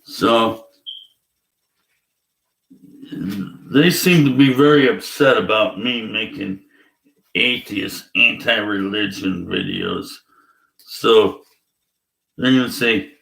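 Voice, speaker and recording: Blunt, gravelly-voiced man ranting. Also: lowish voice, takes it slowly, pauses often, fairly bright tone. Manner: blunt, profane, rambling with fillers. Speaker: atheist vlogger. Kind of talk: ranting vlog monologue. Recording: echoey room.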